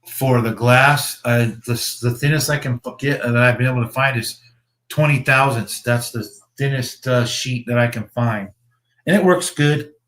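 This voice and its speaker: A man chatting casually on a livestream about his hobby builds. He rambles, restarts his sentences, swears freely and chuckles at his own jokes, in a voice of ordinary middle pitch. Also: fairly even intonation, moderate pace, fairly bright tone. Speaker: slot car builder and show host.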